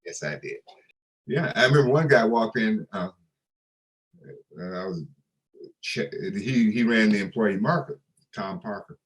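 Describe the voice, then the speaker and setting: Older guy telling stories in an interview, voice goes all over the place, totally animated. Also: fairly low pitch, a little slow, pauses often, low-quality recording. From United States. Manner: animated storyteller who acts out quoted dialogue. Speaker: interview guest. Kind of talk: storytelling interview.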